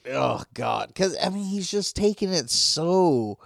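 A man's voice: a little high, big pitch swings, takes it slowly, vocal fry, no room sound, clean studio sound. A man in casual chat recapping a reality show, laid-back and wry, swearing casually.

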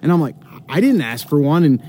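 A man's voice: a little high, big pitch swings, brisk, warm tone. A man telling a long story to the camera, rambling with many fillers and restarts. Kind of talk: casual storytelling.

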